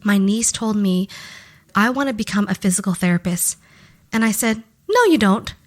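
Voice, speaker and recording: A woman's voice: medium pitch, steady tone. A woman co-hosting a podcast, reflecting on her own story in a casual, conversational way. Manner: reflective, quick asides, many agreeing murmurs. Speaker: podcast co-host. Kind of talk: casual chat. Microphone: podcast microphone.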